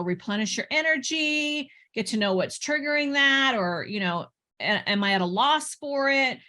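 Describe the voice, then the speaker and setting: A middle-aged woman business coach giving a casual motivational talk to camera, energetic and chatty, checking in often with "right?". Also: on the high side.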